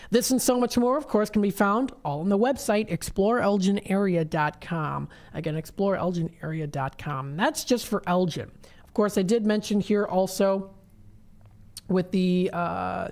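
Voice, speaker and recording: A woman's voice: fairly low pitch, a little mellow. A woman hosting a local radio shopping show, chatting casually and reading event listings off websites with many fillers. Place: radio studio.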